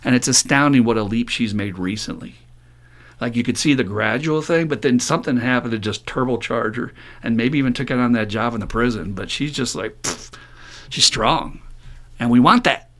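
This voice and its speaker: A middle-aged man co-hosting a podcast, talking bluntly with plenty of swearing and acting out the voices of the people he describes. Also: normal speed. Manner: blunt, profane, animated storytelling; acts out quoted voices in a raised pitch. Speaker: podcast co-host. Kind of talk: casual podcast talk.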